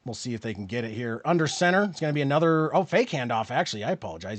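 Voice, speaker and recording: A man calling a football game play by play on his live stream, rising with excitement on big plays and dropping to quiet muttered asides. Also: mid-range voice, rapid-fire, few pauses, dry recording. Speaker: streamer and sports commentator.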